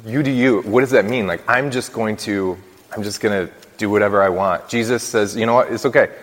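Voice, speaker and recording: A man's voice: lowish voice, fairly even intonation, normal speed. A man preaching a homily as a priest, talking conversationally with many fillers and restarts. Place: church. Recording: long church reverb.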